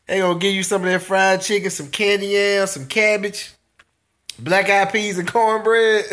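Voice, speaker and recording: A man's voice: high voice, fairly even intonation, a little slow, pauses often, a bit bright. A man, chatting and joking casually with viewers on his channel, laughing often. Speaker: small business owner and channel host. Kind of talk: casual live-stream chat with viewers.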